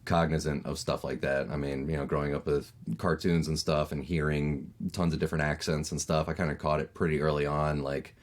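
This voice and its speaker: A man in his thirties from Maryland with a neutral American accent, chatting casually as a voice actor guest on a podcast, with lots of fillers and lively storytelling. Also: rumbling low, brisk, hardly any pauses. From Maryland, USA. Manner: chatty, lots of fillers, animated when telling stories.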